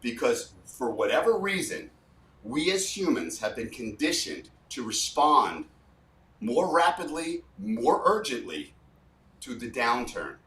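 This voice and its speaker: Speaking as a guest communication coach, this man gives an animated explanation with spoken demos, hammering points home through repetition. His mid-range voice is bright and forceful, with big pitch swings at a measured pace. He's far from the mic in a roomy-sounding space.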